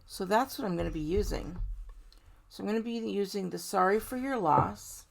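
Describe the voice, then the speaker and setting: A woman's voice: medium pitch, normal speed, vocal fry. A woman hosting a card-making tutorial, chatting casually to viewers as she works step by step. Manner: chatty, warm-hearted, talks to viewers directly. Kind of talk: casual step-by-step crafting demo.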